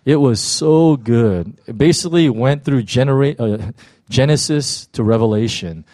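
A man's voice: medium pitch, normal speed, dark tone, no room sound, clean studio sound. An older man, a pastor, telling a story casually to his congregation before handing over the pulpit. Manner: casual storytelling with many fillers. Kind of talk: church announcement.

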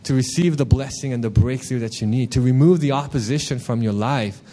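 A man preaching a casual, animated sermon, telling a personal story with frequent asides. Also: mid-range voice, fairly quick. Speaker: worship leader preaching.

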